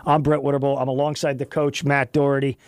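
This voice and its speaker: A man hosting a talk radio show, chatting loosely with a co-host, animated and rambling with frequent restarts. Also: medium pitch, fast talker, no echo, clean studio sound. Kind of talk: casual talk radio chat. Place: radio studio. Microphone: studio microphone.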